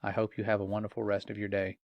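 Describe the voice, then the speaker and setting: A man's voice: fairly low pitch, monotone, fast, no echo, dull audio. A man reading aloud the polite, reassuring replies of an AI chatbot he calls a demon. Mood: courteous. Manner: smooth, courteous, reassuring.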